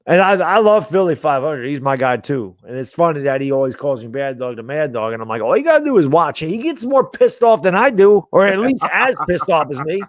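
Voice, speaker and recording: A man's voice: on the high side, very animated, brisk, few pauses, no room sound, clean studio sound. A man co-hosting a casual sports podcast, talking in an exasperated, rambling way. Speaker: podcast co-host.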